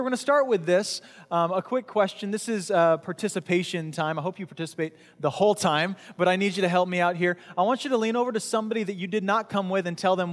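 Man, pastor, casual sermon, playful crowd banter, fairly high voice, long hall reverb. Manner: chatty, jokey, talks with the crowd. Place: church hall with audience.

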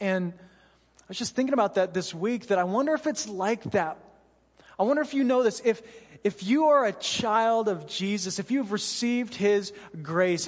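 A man's voice: high-pitched, long reverb tail. A man pastor giving an earnest, conversational sermon to his church, with frequent "you know" asides. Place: church hall.

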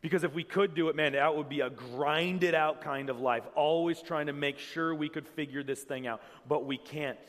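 Animated man preaching in a reverberant hall. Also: fairly high pitch, moderate pace, few pauses. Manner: conversational, animated preaching with acted-out quotes. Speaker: pastor. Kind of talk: sermon. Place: church.

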